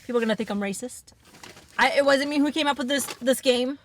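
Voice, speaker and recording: A woman's voice: sits high, fast. A woman chatting casually on an eating show, telling rambling, giggly stories. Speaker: podcast co-host. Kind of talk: casual chat while eating.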